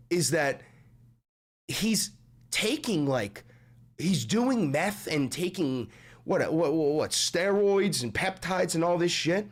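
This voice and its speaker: A young man live-streaming in casual, profane chat, his voice deepened after a sickness, rambling and swinging from mumbles to shouting. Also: slow pace. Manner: animated, rambling, swears a lot, swings from mumbling to yelling.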